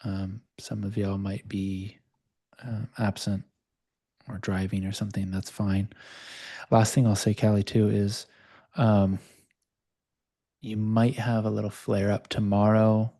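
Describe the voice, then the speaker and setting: A man hosting a live video call session, calmly coaching a participant and talking openly about his own past. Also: fairly low pitch, unhurried, long pauses. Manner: calm, reflective, speaks of own past openly.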